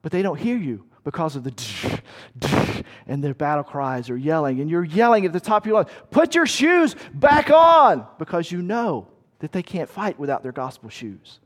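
A man with a high voice preaches in a vivid storytelling manner. He speaks straight to his listeners and puts them inside a battle scene. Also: lively intonation, normal speed. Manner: vivid second-person storytelling, shouting quoted commands. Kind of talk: sermon illustration.

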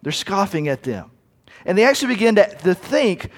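An earnest male pastor delivers a storytelling sermon, often restarting his phrases. His voice sits a little high for a man. The recording carries the long reverb of a church hall. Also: sing-song, a little fast.

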